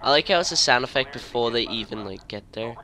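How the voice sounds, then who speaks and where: A young man giving casual, excitable commentary while playing a video game with a friend, breaking into loud outbursts and laughter. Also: medium pitch, fast talker, a little hiss or hum. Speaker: gamer co-host.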